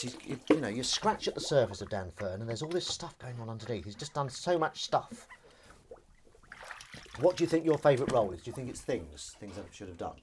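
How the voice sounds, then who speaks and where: A man's voice: medium pitch, a little hiss or hum. A middle-aged man, chatting casually on a live stream while washing up, reading comments aloud and laughing along. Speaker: live stream host and actor.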